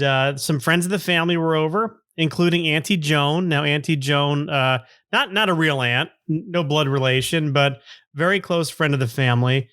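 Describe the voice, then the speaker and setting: A man's voice: fairly high pitch, a bit bright, no echo, clean studio sound. A middle-aged man hosting a podcast, telling a story from his childhood in a chatty way with frequent chuckles and fillers. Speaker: podcast host. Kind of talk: casual storytelling monologue.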